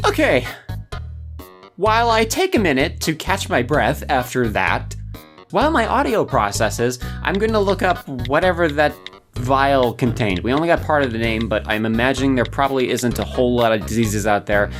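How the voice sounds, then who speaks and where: A woman reading a story game aloud and reacting with excited, disbelieving exclamations. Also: very deep voice, normal speed, soft background music. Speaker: game streamer.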